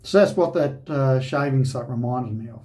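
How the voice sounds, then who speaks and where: An Australian man spins a long personal yarn at a mid-range pitch. He talks loosely and conversationally, leaning often on "you know" as he goes. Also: moderate pace, darkish tone. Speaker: shaving channel host. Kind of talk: storytelling.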